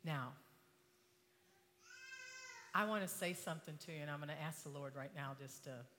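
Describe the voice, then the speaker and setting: An older woman giving a motivational talk to an audience, impassioned, swinging from hushed tones to shouting. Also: low voice, fast, long reverb tail, a little hiss or hum. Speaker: inspirational speaker.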